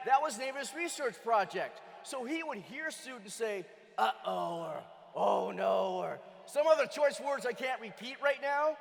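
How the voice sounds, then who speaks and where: A man giving an energetic motivational keynote, firing questions at the audience and often raising his voice to a shout. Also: very high voice. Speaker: keynote speaker. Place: large convention hall. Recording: long reverb of a big hall.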